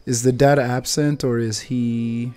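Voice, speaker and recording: A woman's voice: extremely low pitch, fairly even intonation, a little slow, dark tone, soft background music. A woman hosting a casual movie reaction, chatting along and repeating lines from the film.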